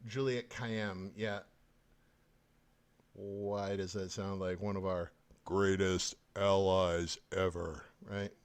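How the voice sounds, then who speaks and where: A man's voice: on the low side, a bit bright, smooth. A man hosting a podcast, ranting angrily about politics with constant swearing and scorn. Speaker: podcast host. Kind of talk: profane political rant.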